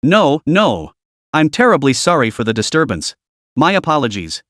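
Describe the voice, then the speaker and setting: Brief: a threatening, brash middle-aged crook, fairly high and lively, as a male narrator plays him, dry sound. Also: normal speed, dry recording. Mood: flustered. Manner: blustering, threatening.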